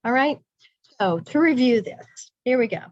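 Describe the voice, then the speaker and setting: A woman's voice: on the high side, expressive, unhurried, no echo, muffled recording. A middle-aged woman leading a recorded teacher training session, chatty and self-interrupting, laughing at herself.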